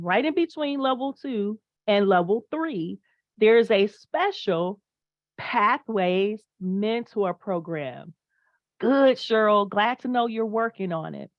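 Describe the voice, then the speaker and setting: A woman's voice: mid-range voice, no room sound, muffled recording. Emphatic woman giving a motivational talk. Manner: emphatic, animated, reads chat replies aloud. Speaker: motivational speaker.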